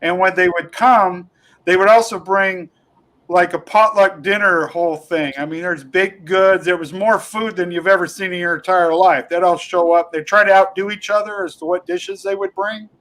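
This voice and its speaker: Man, comedian guest, casual chat, rambling storyteller, high pitch, bright tone. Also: fairly even intonation, normal speed, low-quality recording. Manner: rambling, lots of restarts and fillers, laughing at his own stories. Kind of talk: casual podcast chat, telling funny stories.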